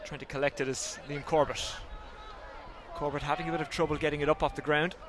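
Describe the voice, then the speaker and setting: A slightly winded Irish man with a fairly high, flat voice commentates hurling live from an outdoor venue, crowd noise all around. He calls the action briskly and throws in jokes at his own expense over the loud stadium feed.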